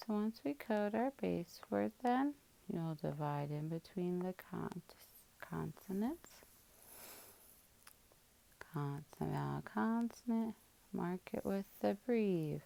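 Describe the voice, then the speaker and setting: A woman's voice: fairly low pitch, slow pace, vocal fry, warm tone. A woman teacher working through a spelling lesson, patiently sounding out each word part by part.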